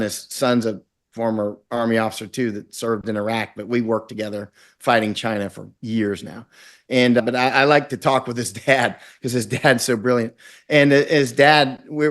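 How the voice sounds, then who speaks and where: A middle-aged man from Florida speaks as an interview guest at an ordinary pitch. He talks intensely and rambles, slipping into acted-out quotes as he goes. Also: brisk, a bit bright. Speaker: guest, war correspondent. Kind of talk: conversational interview.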